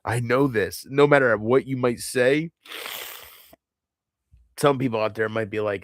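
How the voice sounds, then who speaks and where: A man speaking in an unscripted confessional monologue to his viewers, halting and heavy, often restarting and trailing off. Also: medium pitch, steady tone, dry recording, clean studio sound. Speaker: channel host.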